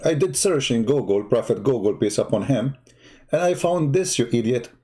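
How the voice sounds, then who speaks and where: A man hosting a live stream, mocking and sarcastic, growing loud and excited as he argues. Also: medium pitch, moderate pace. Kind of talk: live-streamed religious debate talk.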